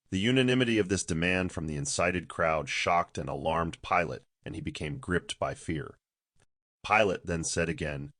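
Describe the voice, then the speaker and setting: A man with a very low voice tells a scripted story in a steady, solemn way. The sound is dry and close, with no room echo. His delivery is even and deliberate. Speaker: narrator. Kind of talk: scripted narration.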